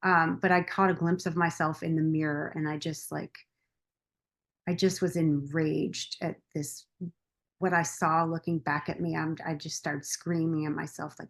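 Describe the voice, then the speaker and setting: A woman's voice: low voice, flat delivery, moderate pace, vocal fry. Candid woman coach telling her story. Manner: open and confessional, quoting her past self. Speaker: podcast guest, coach. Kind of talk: candid personal story in a podcast interview.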